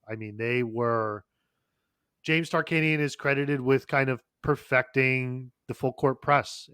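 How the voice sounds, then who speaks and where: A man co-hosting a casual podcast, talking at a middle pitch in long, looping sentences full of "like" and "uh". He swears freely and keeps circling back to restate his point. The sound is dry and close, with no room around it. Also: fairly bright tone, no room sound. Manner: rambling, profane, lots of fillers and restarts. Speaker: podcast co-host.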